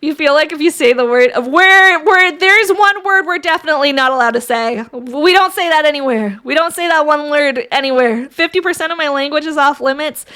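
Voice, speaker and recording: A woman's voice: high voice, a little fast, few pauses, bright, forceful tone. A woman streamer chatting casually with her viewers, crude and giggly, bantering with chat. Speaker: VTuber streamer.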